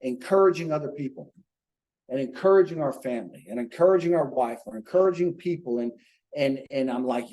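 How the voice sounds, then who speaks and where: A man's voice: mid-range voice, fairly quick, a little mellow, rough recording. A man leading an informal Bible study for a small group, talking earnestly and checking in with rhetorical questions.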